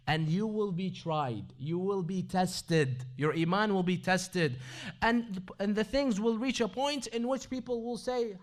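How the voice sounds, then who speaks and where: High-pitched guy preaching, dramatic, goes loud then drops way low. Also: animated, moderate pace. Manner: dramatic, shifting from loud pleading to low earnest tones, quotes Arabic scripture. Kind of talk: sermon.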